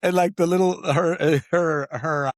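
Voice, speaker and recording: A middle-aged man, a screenwriter and director, talking in an interview in an animated, rambling way with many restarts. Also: on the high side, normal speed, no echo, studio quality. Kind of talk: interview conversation.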